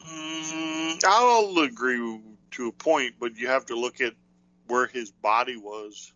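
A man's voice: mid-range voice, takes it slowly, sharp tone, low-quality recording. A man co-hosting a podcast, talking casually in a rambling way and thinking aloud with lots of fillers. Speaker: podcast co-host. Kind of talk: casual wrestling chat.

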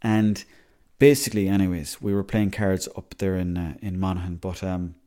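A young Irishman hosts a solo podcast, going over his week at a moderate pace with fairly even intonation. His somewhat low voice is mellow and soft-edged as he wanders chattily between stories, swearing often.

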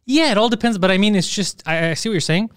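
A male podcast host telling stories in a casual chat, animated and full of swearing. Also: high-pitched, fast, no echo, studio quality. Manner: animated, swears a lot, acts out quotes.

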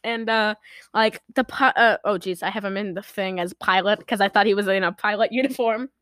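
A woman's voice: medium pitch, steady tone, fairly quick, a bit bright, dry recording, clean studio sound. A woman co-hosting a casual movie recap, rambling, giggling and acting out lines from the film. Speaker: podcast co-host recapping a movie. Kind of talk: casual chat.

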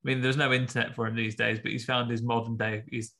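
A man's voice: medium pitch, little pitch movement, fast talker, pushed and bright. A man co-hosting a podcast, chatting casually and jokingly about a film. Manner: jokey, puts on silly voices in asides. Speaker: podcast co-host. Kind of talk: casual comedic chat.

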